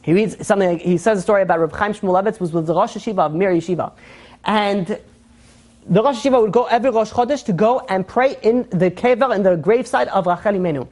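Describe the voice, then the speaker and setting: A man giving an informal Torah lesson, telling stories emphatically with asides and frequent throat clearing. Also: high-pitched, quick pace. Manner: animated, emphatic, storytelling with asides. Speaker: Torah teacher.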